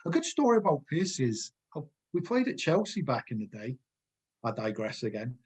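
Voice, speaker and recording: A man's voice: mid-range voice, sing-song, brisk, a little mellow, breathy edge. A man, a former footballer telling rambling anecdotes in a casual chat. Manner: rambling anecdotes, digresses, laughs often.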